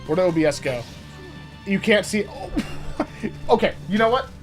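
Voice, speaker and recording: Excitable young man streaming a game. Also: high voice, moderate pace, faint music behind. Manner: excitable, swears, laughs often, talks to chat. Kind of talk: live gaming stream chat.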